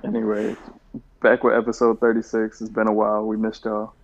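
A man's voice: on the low side, completely flat delivery, fairly quick, gravelly. A man co-hosting a casual podcast, rambling and swearing freely as he chats. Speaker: podcast co-host. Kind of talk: casual chat. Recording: dull lo-fi sound.

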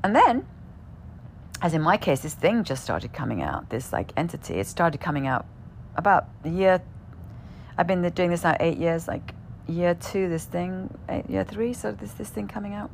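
Low, gravelly-voiced woman telling a personal story. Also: expressive, moderate pace, slight background noise. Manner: conversational, often asks "right?", swears casually.

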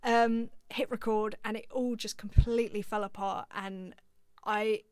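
A woman's voice: mid-range voice, unhurried, clear, resonant tone, dry recording. A woman, a drummer being interviewed, telling a self-deprecating story and acting out the lines of the people in it. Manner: animated, self-deprecating, acts out quoted lines. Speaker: session drummer, interview guest. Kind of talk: conversational storytelling.

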